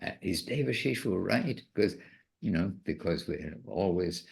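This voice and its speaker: A man who is a spiritual teacher, giving an informal devotional talk in a musing, gently self-correcting way. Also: low voice, lively intonation, a little slow, vocal fry.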